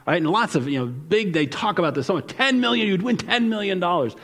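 A man's voice: sits high, animated, fairly quick, a bit bright. A man preaching a sermon as pastor in a casual, conversational way, often repeating words and asking "right?". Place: church sanctuary. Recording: long hall reverb.

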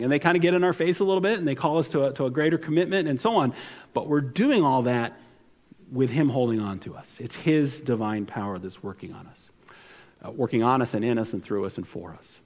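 Earnest pastor preaching in a reverberant hall. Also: male voice, a little high. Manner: earnest, conversational preaching with frequent restarts. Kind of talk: sermon. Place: church sanctuary.

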